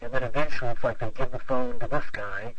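A man's voice: medium pitch, fast talker, a bit bright, a little hiss or hum, poor audio. A man who is a pastor, telling a long story in an interview, rambling with lots of "you know" fillers. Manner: rambling, full of 'you know' fillers.

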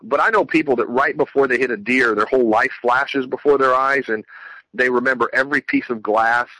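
A man's voice: mid-range voice, a little fast, sharp tone, no echo, rough recording. A man giving an earnest, rambling personal religious testimony, often restarting his sentences.

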